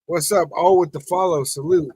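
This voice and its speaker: A man's voice: on the high side, fairly even intonation, normal speed, darkish tone, slightly rough, no echo, rough recording. A man hosting a live football watch party, reacting to the plays and talking with his chat. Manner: frustrated, reacting to the game, talks to chat. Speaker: podcast host.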